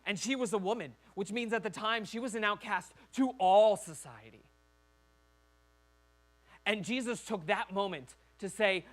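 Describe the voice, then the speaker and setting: A man's voice: sits high, a little slow, a bit bright. A man preaching a sermon as a pastor in a church, talking conversationally and acting out quoted voices.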